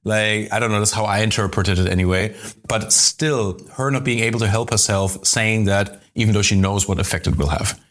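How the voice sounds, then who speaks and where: A man's voice: on the low side, brisk, fairly bright tone. A man co-hosting a food podcast, chatting casually, swearing freely and retelling scenes. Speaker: podcast co-host. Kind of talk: casual chat.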